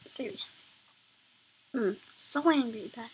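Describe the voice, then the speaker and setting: A woman's voice: fairly high pitch, a little slow, heavy background noise. A woman streaming a game in casual chat, sick with a cough, singing made-up songs and apologizing often. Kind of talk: casual gaming livestream chat.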